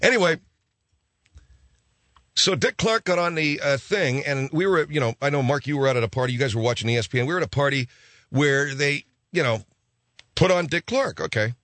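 A man's voice: on the high side, a little fast, long pauses, fairly bright tone, no echo. A man hosting a radio talk show, rambling in a casual, offhand monologue full of restarts from a studio.

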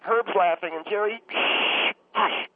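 A man's voice: very high-pitched, animated, normal speed, pitched above the performer's own voice. A man voicing a gushing, rambling woman caller who gets choked up and talks on and on. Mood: chatty rambling. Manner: effusive, rambling, easily choked up. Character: gushing middle-aged woman caller, flustered and chatty. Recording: tinny phone line with faint hiss.

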